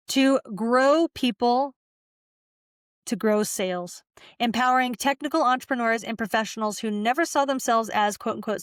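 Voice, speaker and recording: A woman's voice: on the high side, fairly bright tone, smooth, no echo, studio quality. A young woman hosting a podcast, bubbly and enthusiastic, with many fillers. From United States. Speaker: podcast host. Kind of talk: casual interview hosting.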